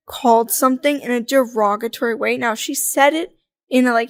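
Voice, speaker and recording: A woman talking as a podcast guest in a casual, chatty way, full of "like" fillers and quick laughs. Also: fairly high pitch, steady tone. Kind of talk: casual conversational interview.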